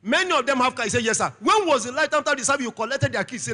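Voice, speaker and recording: A middle-aged Nigerian man preaching a church sermon with a Nigerian accent, shouting lines and calling for the congregation's amens. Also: very high-pitched, lively intonation, very fast, few pauses. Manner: shouting, call-and-response preaching. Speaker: pastor.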